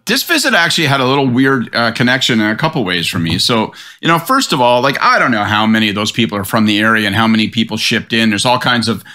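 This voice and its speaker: A middle-aged man, a political commentator on a podcast panel, in an animated, profane rant. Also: medium pitch, quick pace, hardly any pauses. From Canada.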